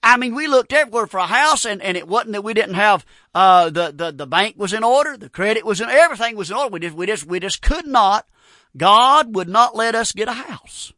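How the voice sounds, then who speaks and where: A man preaching a folksy, storytelling sermon, animated and punctuated with amens. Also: high-pitched, a little fast, no room sound, clean studio sound.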